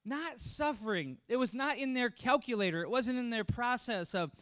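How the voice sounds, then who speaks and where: A man's voice: very high-pitched, animated, normal speed, fairly bright tone. A middle-aged man preaching a conversational sermon, chatty, laughing often and repeating words as he thinks aloud. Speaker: pastor.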